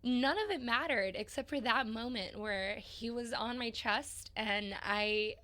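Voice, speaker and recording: A young woman co-hosting a podcast, telling a personal story in an animated, emotional way and swearing casually. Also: on the high side, a little slow. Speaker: podcast co-host.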